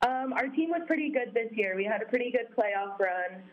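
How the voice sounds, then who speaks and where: A woman's voice: on the high side, lively intonation, normal speed, dull audio. A young woman from Vermont, a guest in a casual interview, speaking cheerfully with frequent ums. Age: young adult.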